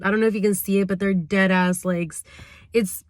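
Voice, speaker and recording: A woman's voice: medium pitch, fairly even intonation, fairly quick, no echo, studio quality. A young woman vlogger telling a storytime tale in casual slang, full of fillers. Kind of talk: storytime vlog.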